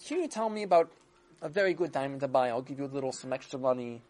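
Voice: mid-range voice, animated, fast, a little mellow, close to an everyday voice. A storyteller voicing an earnest diamond dealer. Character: hopeful devout diamond dealer, eager to help.

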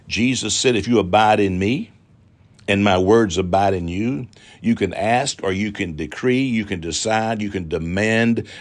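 A man's voice: on the low side, normal speed. A middle-aged man preaching a televised sermon as a televangelist, fervent and repetitive, drawing out emphatic phrases and appealing for donations. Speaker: televangelist pastor.

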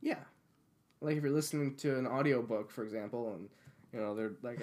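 A young man co-hosting a podcast, talking in a dry, self-deprecating way with quiet asides. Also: mid-range voice, brisk. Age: young adult. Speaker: podcast co-host. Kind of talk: casual chat.

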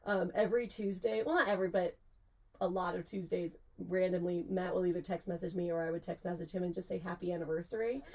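A woman's voice: fairly low pitch, fairly even intonation, fast, dark tone. A young woman co-hosting a podcast, telling a story in casual chat, laughing often and swearing freely.

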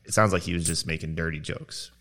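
Deep-voiced blunt male co-host. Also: fairly even intonation, fairly bright tone. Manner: blunt, profane, halting. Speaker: podcast co-host; construction worker. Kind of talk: casual chat.

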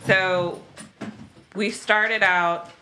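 A woman from Oklahoma, a bakery co-owner and pastry baker, chatting as a podcast guest in a relaxed, self-deprecating way with plenty of ums. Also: mid-range voice, extremely slow, a little hiss or hum. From Oklahoma, USA. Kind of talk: casual chat.

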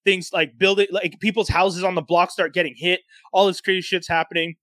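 A man with a high, bright voice recounts a plot in a casual chat, animated and full of profanity. The sound is dry and close, with no room around him. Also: fairly quick, no echo. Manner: animated, profane, laughing storyteller. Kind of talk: casual storytelling recap.

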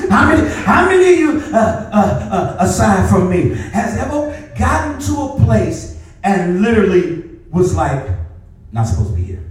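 A male pastor preaching a sermon with a personal story, animated, breaking into shouts and repeating phrases. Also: high voice, a little slow. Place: church sanctuary. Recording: echoey hall, mic at a distance. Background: congregation responding.

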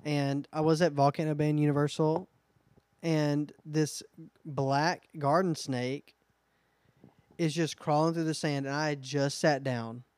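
A man's voice: fairly high pitch, unhurried, clean tone, no room sound. A young man co-hosting a podcast, telling stories in casual chat and acting out what people said. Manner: lively storyteller, acts out quotes. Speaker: podcast co-host.

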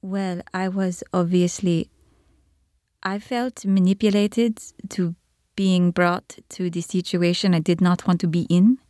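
A young woman testifying as a witness in court, answering in a halting, hesitant way. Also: fairly low pitch, steady tone, mellow, no echo, clean studio sound. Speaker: trial witness.

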